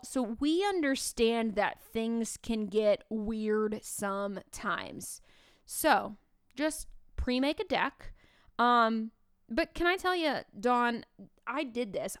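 A woman in her thirties, a teacher co-hosting a podcast, telling classroom stories with lively, acted-out dialogue. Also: on the high side, smooth, no room sound, studio quality. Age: 30s. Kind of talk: casual podcast chat.

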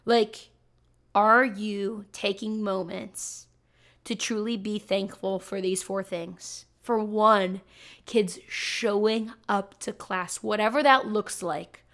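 A woman's voice: mid-range voice, fairly even intonation, slow pace, fairly bright tone. A young adult woman, a teacher, giving an upbeat, chatty motivational talk to fellow teachers with lots of emphatic repeats. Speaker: teacher and podcast host.

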